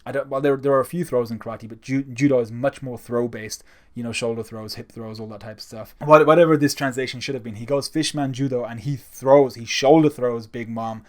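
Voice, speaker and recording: A man's voice: medium pitch, steady tone, a little fast, darkish tone. A man giving a casual, enthusiastic spoken review of a comic chapter, talking conversationally. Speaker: manga reviewer.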